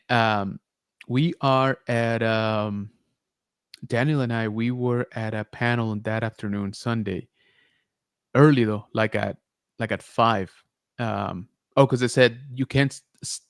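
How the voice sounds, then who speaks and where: A man's voice: mid-range voice, clear, resonant tone, no echo. Chatty man telling a story, dry sound. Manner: animated retelling, many filler likes and rights. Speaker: podcast host. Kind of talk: casual storytelling chat.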